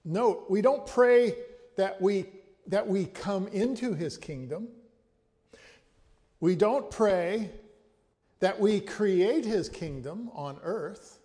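With a high, animated, mellow voice and a long reverb tail, a male pastor preaches. He teaches with care at a measured pace, often repeating a word or starting over before going on.

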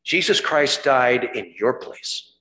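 A man preaching a sermon, dramatic, rising to fervent cries at the high points. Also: animated, slow pace, pushed and bright, reverberant.

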